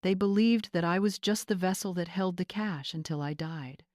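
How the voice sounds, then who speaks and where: A woman telling a first-person story in a calm, deliberate scripted narration. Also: lowish voice, dry recording, studio quality.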